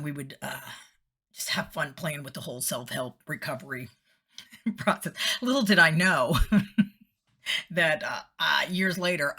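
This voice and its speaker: A woman's voice: deep voice, fairly bright tone, breathy edge. A middle-aged woman, a former TV host, chatting casually in a personal vlog, laughing often and slipping into whispery voices when quoting.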